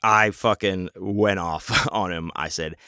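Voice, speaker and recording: A man's voice: low voice, fairly even intonation, takes it slowly, pushed and bright, clear, resonant tone, no room sound, studio quality. A man telling a story in a casual, rambling way, heated and full of swearing. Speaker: convention vendor telling a story.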